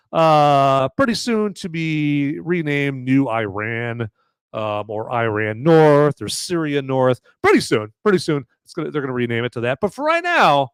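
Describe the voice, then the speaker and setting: Reviewing a beer on his podcast, a man with a smooth, high-leaning voice rambles in a casual, animated way, often tagging lines with "okay?" The recording is dry.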